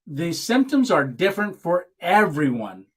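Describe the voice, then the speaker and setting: A man's voice: on the high side, big pitch swings, measured pace, slightly rough. A man hosting a casual live stream chat, speaking in an earnest, emotional way.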